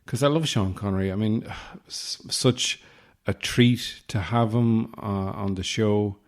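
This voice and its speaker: A man hosting his own comedy podcast, rambling through deadpan absurd asides close to the mic. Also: lowish voice, unhurried. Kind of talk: solo comedic podcast monologue. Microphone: close podcast microphone.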